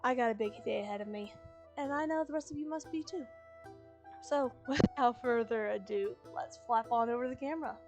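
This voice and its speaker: A woman streamer chatting casually before reading a book aloud, her voice slightly croaky, talking in a chatty, rambling, upbeat way. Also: on the high side, brisk, a little mellow. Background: fantasy music playing faintly.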